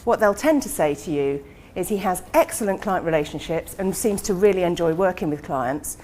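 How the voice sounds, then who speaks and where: A woman's voice: fairly low pitch, lively intonation, normal speed, darkish tone, a little hiss or hum. A woman hosting an event, giving a formal introduction of the guest speaker.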